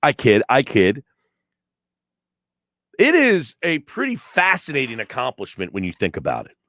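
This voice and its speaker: A man's voice: medium pitch, wildly swooping pitch, moderate pace, fairly bright tone. A man hosting sports talk radio, ranting emphatically and sarcastically and mocking callers' complaints. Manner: emphatic, sarcastic, rants with mock quotes. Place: radio studio. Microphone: studio microphone.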